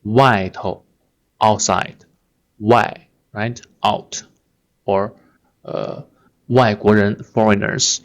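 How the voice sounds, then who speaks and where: Slow, patient male teacher. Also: fairly low pitch, fairly even intonation. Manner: slow and patient, repeats and stresses example words, frequent "right?". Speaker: Chinese language teacher. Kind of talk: explaining grammar slowly with repeated example phrases.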